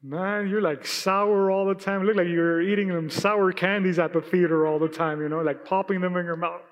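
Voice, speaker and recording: This pastor, a Spanish speaker of Hispanic background, preaches at a moderate pace in a high male voice, acting out quotes with casual energy. The audio is dull, captured live in a church hall with reverb and quiet music underneath.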